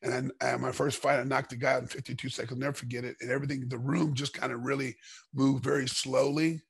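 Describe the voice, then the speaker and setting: Middle-aged man, casual podcast guest and storyteller. Heavy gravel, husky rasp, dry close sound. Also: medium pitch, fast talker, dry recording. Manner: animated storyteller, acts out dialogue. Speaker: podcast guest, former fighter.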